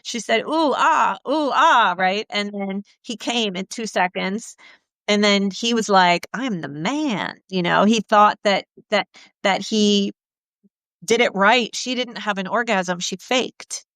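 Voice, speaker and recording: A middle-aged woman therapist tells frank stories about her clients, her voice smooth and clear. She slips into the voices of the people she quotes as she talks. The sound is dry and close, with no room around it. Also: mid-range voice, measured pace, no room sound. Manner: candid, animated storyteller acting out quotes. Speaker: sex therapist. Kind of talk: conversational storytelling.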